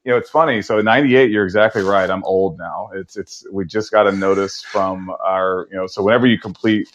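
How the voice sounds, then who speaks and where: A man in his forties, appearing as a podcast guest, tells stories in a relaxed, conversational way, acting out his own past lines with big jumps in pitch. He speaks briskly, and the sound is lo-fi.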